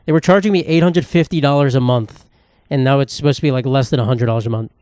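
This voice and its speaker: A man's voice: mid-range voice, fast talker, a little mellow, clear, resonant tone, no echo, studio quality. A young man, hosting a solo comedy podcast in a profane, sarcastic, rambling rant. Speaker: podcast host.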